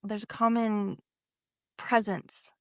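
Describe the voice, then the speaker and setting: A woman hosting an interview, telling stories in an animated way and often laughing as she talks. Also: medium pitch, slow pace, no room sound, clean studio sound. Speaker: host. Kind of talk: casual interview talk.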